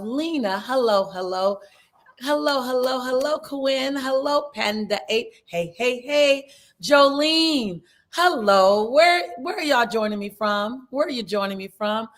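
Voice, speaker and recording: Lively woman hosting a live stream. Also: on the high side. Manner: greets viewers by name, upbeat, playful asides. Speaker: host of a live online session. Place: indoors at a video production shoot.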